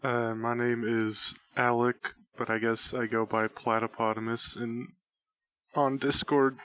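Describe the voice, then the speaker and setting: Slow, hesitant bright-voiced man. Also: mid-range voice, little pitch movement, smooth. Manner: hesitant and giggly. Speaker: podcast co-host. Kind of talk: casual podcast chat.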